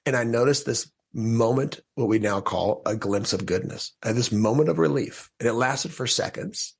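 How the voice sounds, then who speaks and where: A man's voice: mid-range voice, moderate pace, gravelly, breathy edge. A man as a podcast guest, telling his personal story in an earnest way, often restarting his sentences. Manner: earnest, restarts sentences, animated when quoting.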